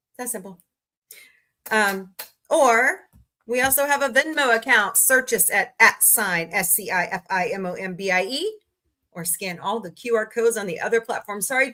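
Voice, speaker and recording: A woman hosting a casual livestream, greeting viewers by name and listing her channels, tired and low on energy today. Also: moderate pace, sharp tone. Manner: chatty, greets viewers by name, rattles off lists. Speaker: livestream host.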